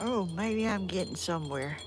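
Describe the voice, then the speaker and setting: Broadcasting live from outside in the sunshine, this older Georgia woman chats casually in a folksy rural Southern drawl, flustered and poking fun at herself as she wrestles with her phone and tablet. She speaks at an ordinary pace in a lowish, expressive voice over a noisy background.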